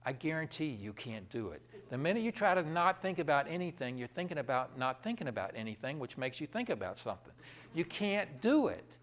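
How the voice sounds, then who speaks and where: Guy preaching a sermon, chatty with the congregation, kinda high voice that jumps all over. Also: brisk. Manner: lively, conversational preaching with asides to the congregation.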